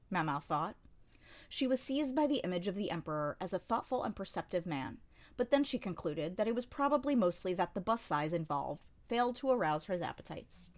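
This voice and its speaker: A woman's voice: lowish voice, expressive, a little fast. Woman narrating a novel audiobook. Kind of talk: scripted narration.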